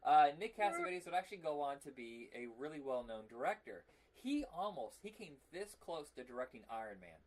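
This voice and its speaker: Podcast co-host, male, casual and talkative, quick to laugh. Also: on the high side, very animated, darkish tone. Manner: chatty, laughs often, breaks into silly impressions. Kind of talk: casual movie podcast chat.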